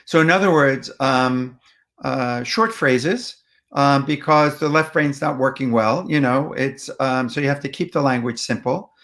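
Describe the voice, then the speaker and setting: A man giving a patient, plainspoken explanatory talk on how to speak with upset people and toddlers, often pausing with ums and restarting phrases. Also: medium pitch, fairly bright tone. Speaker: parenting communication speaker.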